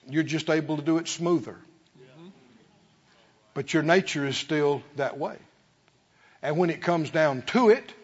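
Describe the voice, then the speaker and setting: A man preaching a fervent sermon to his church, swinging from quiet asides to shouted praise. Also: a little high, highs cut off. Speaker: pastor.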